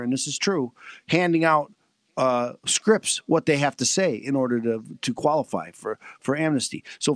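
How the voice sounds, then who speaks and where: A man's voice: medium pitch, dry recording. A man co-hosting a radio show, speaking casually and often stopping to restart his sentences.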